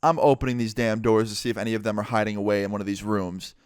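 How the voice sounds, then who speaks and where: Young man, casual swearing storyteller, smooth clear voice, dry close sound. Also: on the low side, fast, dry recording. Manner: casual, profane, animated storytelling. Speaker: vlogger. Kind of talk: storytime narration.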